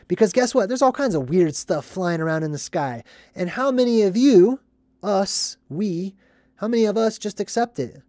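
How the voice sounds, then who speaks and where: Here a casual movie vlogger rambles through a film breakdown, animatedly performing scenes in silly voices and repeatedly asking "right?". The voice is middle-pitched and moves at a moderate pace. It's captured close and dry, with no echo at all.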